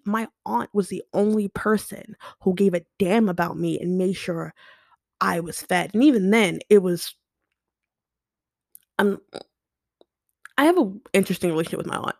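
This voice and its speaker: Swearing often, a young woman opens up bluntly and emotionally about her past in an unscripted monologue for her podcast. She speaks at medium pitch in a creaky, slightly mellow voice, recorded on a home podcast mic with clean studio sound and no room sound.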